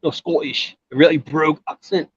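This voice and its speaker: A man's voice: fairly high pitch, fairly even intonation, fairly quick, fairly bright tone, slightly rough, lo-fi sound. Rambling man telling a long story. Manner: rambling, many restarts and filler words. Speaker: guest storyteller. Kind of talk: casual storytelling.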